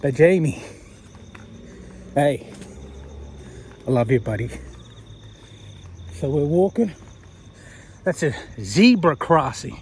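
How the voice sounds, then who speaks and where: High-voiced man rambling on a night walk. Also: moderate pace, pauses often, a little mellow, husky. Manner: rambling, chatty, laughs often. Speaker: vlogger. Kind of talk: casual walking vlog. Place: outdoors on a street at night.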